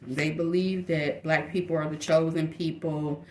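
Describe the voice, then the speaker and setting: A woman's voice: low voice, fairly even intonation, unhurried, hardly any pauses. A woman giving a casual tarot reading in a blunt, chatty way, with slang and fillers. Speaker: tarot reader. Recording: echoey room with faint noise.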